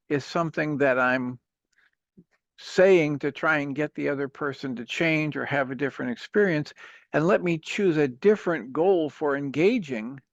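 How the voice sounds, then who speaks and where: A man hosting a call-in talk show, giving earnest, patient advice in a steady counseling manner. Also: on the high side, no echo, lo-fi sound. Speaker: radio talk show host, coach.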